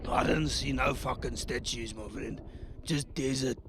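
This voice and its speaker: A man's voice: medium pitch, fairly even intonation, unhurried, fairly bright tone, a little hiss or hum. A man with a South African accent playing a crude, swearing, laid-back mercenary soldier. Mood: boastful.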